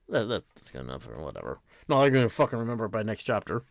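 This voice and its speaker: A man's voice: lowish voice, very animated, fast, gravelly, dry recording. A tired man casually reading a comic aloud, breaking off for wry, sleepy asides and the odd swear word. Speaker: comic reader and reactor.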